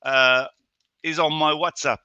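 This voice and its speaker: A man's voice: fairly high pitch, fairly even intonation, measured pace, bright, forceful tone, clean tone, lo-fi sound. An English man hosting a casual live stream chat from home, chatty and greeting his viewers by name. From England. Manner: chatty, reads out viewer names.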